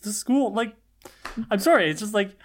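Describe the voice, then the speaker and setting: Wry, lively-voiced podcast co-host. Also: mid-range voice, moderate pace. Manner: wry, exasperated asides with playful swearing. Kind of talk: casual episode recap chat.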